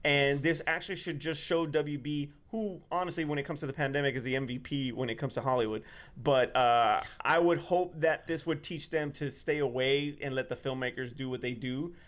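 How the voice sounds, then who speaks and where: A man co-hosting a casual film review podcast, easygoing and quick to laugh. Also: fairly high pitch, a bit bright. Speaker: podcast co-host.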